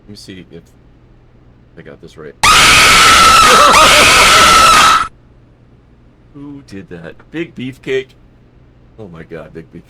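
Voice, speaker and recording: A man's voice: low voice, very animated, a little slow, long pauses, shouting, noisy background. A man hosting a live stream, chatting casually and rambling as he flies a flight simulator, often correcting himself and laughing.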